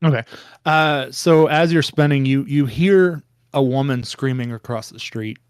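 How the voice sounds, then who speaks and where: A man's voice: mid-range voice, unhurried, clean tone, no echo, studio quality. A man narrating a tabletop game as game master, rambling with many ums and restarts.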